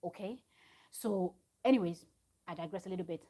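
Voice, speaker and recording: A woman's voice: fairly low pitch, normal speed, mellow, breathy edge. A woman, recapping a reality show on a live stream from home, telling it in a chatty, digressive way with asides to her viewers. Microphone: live-stream microphone.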